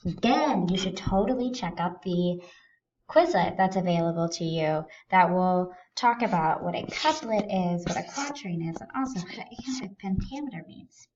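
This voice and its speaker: A woman's voice: lowish voice, expressive, normal speed, darkish tone, muffled recording, slight background noise. A woman teaching a recorded lesson, explaining things step by step in a patient way.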